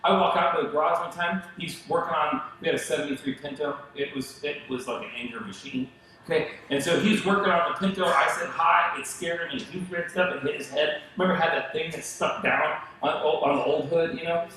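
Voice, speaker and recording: A middle-aged man gives a sermon in a loose, conversational way, breaking into asides and playful quoted voices. His voice sits a little high for a man. It rings through a very echoey church hall with a faint hum of noise underneath. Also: brisk, sharp tone. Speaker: pastor. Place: church auditorium.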